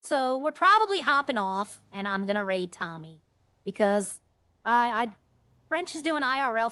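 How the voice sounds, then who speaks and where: A woman's voice: a little high, sing-song, moderate pace, pushed and bright, dry recording. A woman streaming a game, chatting casually with viewers and thinking aloud in a rambling way. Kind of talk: casual gameplay chat to viewers.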